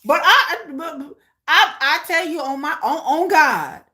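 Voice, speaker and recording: A woman reacting on a casual watch-along, with a high, bright voice that swoops up and down. She is blunt and profane and hammers her points home by repeating short phrases. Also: a little slow. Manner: animated, repeats phrases for punch. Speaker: host of a live watch-along.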